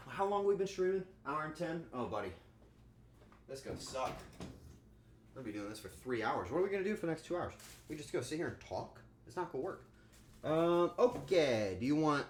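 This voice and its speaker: Male streamer, lively pitch swings, crude joking banter with chat, echoey room with faint background hum. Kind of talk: casual livestream chat while cooking.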